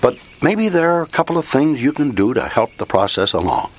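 A kind older mentor. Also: male voice, medium pitch, very animated, a little fast, breathy edge. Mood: comforting. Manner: gentle, reassuring. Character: kindly older man, gentle mentor. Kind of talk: radio drama acting.

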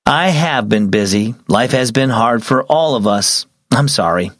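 A weary, gentle father, played by a male narrator, speaking calmly and reassuringly. The delivery moves with lively shifts of pitch. It is recorded close and dry, with no room sound. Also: unhurried, no echo. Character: tired, gentle father, middle-aged.

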